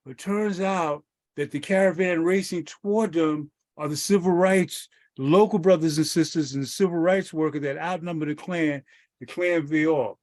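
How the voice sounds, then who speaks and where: A man's voice: a little high, darkish tone. A man on a video call telling a story vividly, acting out the lines he quotes. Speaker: guest sharing memories.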